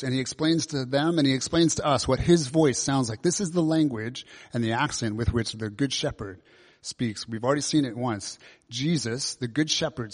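A man's voice: medium pitch, slightly rough. A man preaching a sermon in a conversational way, asking his listeners many questions. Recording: long reverb of a large hall.

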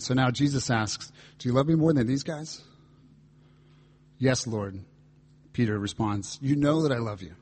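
A man's voice: medium pitch, normal speed, slightly rough. A man pastor preaching a reflective, earnest sermon, reading and voicing scripture dialogue as he explains it.

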